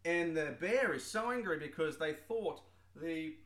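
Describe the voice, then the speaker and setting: A man co-hosting a comedy podcast, telling stories in an animated way and acting out the people he quotes. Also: a little high, measured pace, roomy sound. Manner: animated storyteller, acts out quoted voices. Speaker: podcast co-host. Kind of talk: casual comedic chat.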